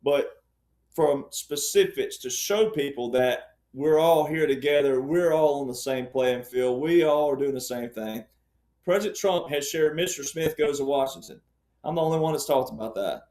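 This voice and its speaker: A man's voice: fairly high pitch, moderate pace, darkish tone, echoey room. A man speaking as a panel guest, explaining his point emphatically and repeating key ideas like a lecturer.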